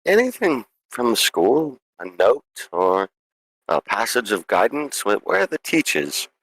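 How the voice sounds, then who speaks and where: A man voicing the stern ghost of a woman school dean, speaking with grave, measured threats. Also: mid-range voice, big pitch swings, a bit bright, no echo, exaggerated voice, poor audio. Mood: questioning.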